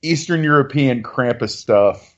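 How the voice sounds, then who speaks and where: A man's voice: medium pitch, unhurried. Man, casual podcast chatter, loose and profane, muffled lo-fi audio. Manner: loose, profane, excitable with many fillers.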